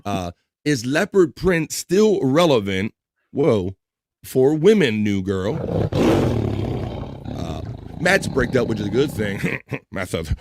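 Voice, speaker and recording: A man's voice: medium pitch, sing-song, very noisy. A man hosting a livestream, reading out and teasing chat comments in a hyped, joking way. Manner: hyped, teasing, quick shout-outs. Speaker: livestream host.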